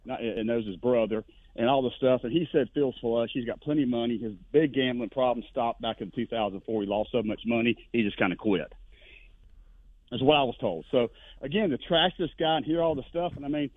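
A man calling in to a sports radio show, telling stories in an animated way with voices for the people he quotes. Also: medium pitch, brisk, no echo. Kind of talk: casual storytelling on a phone line. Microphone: telephone. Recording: tinny dry phone line.

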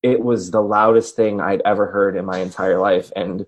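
A man's voice: on the low side, steady tone, moderate pace, dull audio. A man in his forties from Wisconsin, a podcast co-host and radio personality, telling a rambling, self-deprecating story full of asides. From Racine, Wisconsin, USA. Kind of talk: casual storytelling chat.

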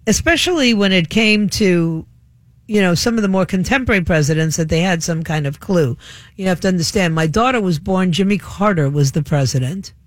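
A woman's voice: fairly low pitch, no echo, studio quality. An older woman hosting a radio talk show, speaking in a rambling, chatty, reminiscing way.

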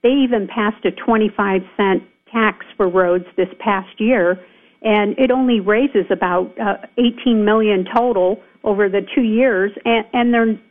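A woman's voice: mid-range voice, a little slow. A woman county supervisor calling in to a radio show, speaking emphatically and with indignation, with frequent fillers. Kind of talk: radio call-in interview. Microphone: telephone. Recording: phone line.

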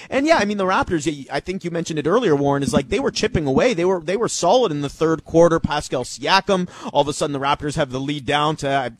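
A man's voice: high-pitched, animated, a little fast, no echo. A man talking emphatically on a post-game basketball panel, tossing in questions to the others. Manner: emphatic, conversational, asks tags like right. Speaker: basketball reporter.

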